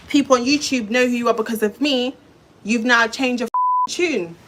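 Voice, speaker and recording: A woman's voice: a little high, brisk, a bit bright, slight background noise. A woman on a live stream, telling her viewers a heated personal story in a blunt, swearing, direct way. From London. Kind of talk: emotional live-stream rant.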